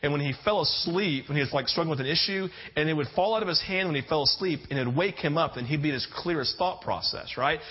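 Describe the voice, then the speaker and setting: A man's voice: on the high side, fast talker, few pauses. A man preaching a sermon as a pastor, telling stories in a conversational way and often checking in with "right?". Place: church sanctuary with congregation. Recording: dull lo-fi sound.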